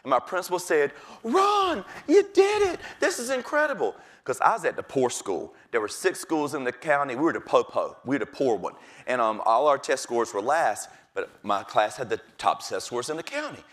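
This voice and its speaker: A middle-aged man, a teacher, telling stories from his classroom with lively delivery and acting out the voices of kids and his principal. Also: mid-range voice, fairly quick, hardly any pauses. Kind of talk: storytelling talk.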